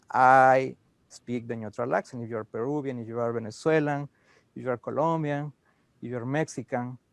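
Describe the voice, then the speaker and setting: Casting: man on a panel, mid-pitched, dry close mic, many "you know"s. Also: darkish tone, dry recording. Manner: explanatory, frequent "you know" fillers. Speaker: dubbing studio head. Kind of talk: panel discussion.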